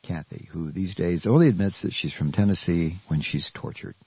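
Furious stammering radio host. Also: male voice, low voice, moderate pace, breathy edge, no echo, muffled recording. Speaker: radio talk show host. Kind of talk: angry political rant.

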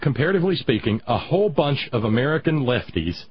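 A man hosting a political talk show, rambling and halting, reading out chat comments, with a husky voice. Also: mid-range voice, very animated, slight background noise. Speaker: radio talk host. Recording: dull lo-fi radio sound.

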